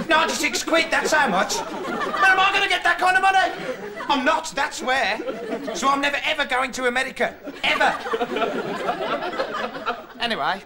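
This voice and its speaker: An actor playing a rambling, excitable young male investigative reporter in a TV comedy monologue, digressing and bursting into shouts. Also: very high-pitched. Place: TV studio with live audience. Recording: old TV broadcast, loud studio laughter and noise.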